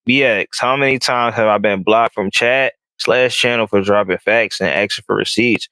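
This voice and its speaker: Chill low-voiced guy on a podcast, dry mic, bro every other word. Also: moderate pace, sharp tone, dry recording. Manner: laid-back, says bro a lot. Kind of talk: casual podcast chat.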